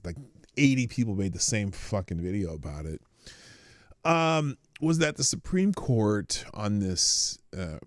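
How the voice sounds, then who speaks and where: Recorded with clean studio sound and no echo, a middle-aged Omaha, Nebraska man chats casually on his livestream. He wanders from topic to topic, swears casually, and hops between high and low pitch.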